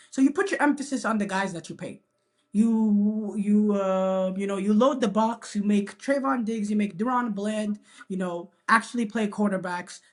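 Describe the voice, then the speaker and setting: A woman co-hosting a casual sports debate, emphatic and opinionated, with many "you know"s. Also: medium pitch. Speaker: sports podcast co-host.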